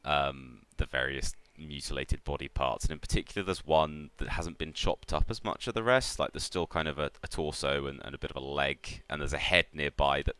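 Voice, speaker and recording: Very deep-voiced game master narrating. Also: male voice, brisk, few pauses, clear, resonant tone, no room sound. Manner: relaxed, hesitant narration with fillers.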